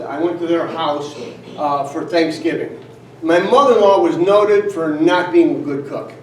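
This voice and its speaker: An older man tells folksy stories at a company gathering in a fairly high voice, dropping "right?" and chuckling as he goes. He is heard from a distance in a roomy space, with faint ambience behind him. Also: a little hiss or hum. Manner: folksy, anecdotal, frequent "right?" asides and chuckles. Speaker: company founder giving a speech. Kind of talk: storytelling motivational speech. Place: event room at a company trip.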